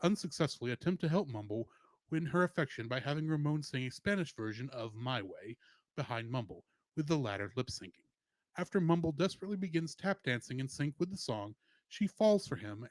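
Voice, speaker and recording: A man's voice: medium pitch, lively intonation, a little fast, dry recording. A man co-hosting a podcast, reading a plot summary and film trivia with playful asides. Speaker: podcast co-host.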